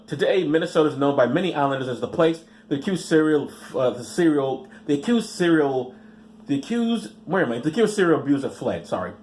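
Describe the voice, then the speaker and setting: Reading news items aloud on his podcast, this man soon drifts into rambling, sarcastic remarks and trips over his words. His voice is a little high and a little mellow.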